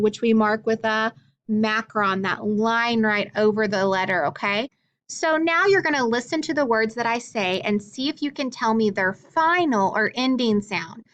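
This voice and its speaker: Woman teacher doing a phonics lesson for little kids, a bit high-pitched, slow and encouraging. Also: fairly bright tone, lo-fi sound. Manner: encouraging, slow and clear, with frequent praise. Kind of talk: phonics lesson for young children.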